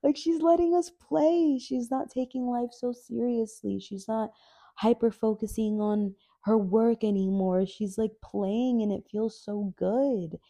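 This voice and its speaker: A woman's voice: a little high, steady tone, measured pace, mellow, voice pushed up. A woman voicing her own inner child, a joyful little girl relieved to finally play. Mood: gleeful. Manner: gleeful, relieved.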